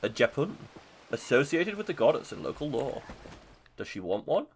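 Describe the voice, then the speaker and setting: A man's voice: mid-range voice, sing-song, moderate pace, slight background noise. A man streaming live gameplay, chatting to himself in a self-mocking way and laughing easily. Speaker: video game streamer.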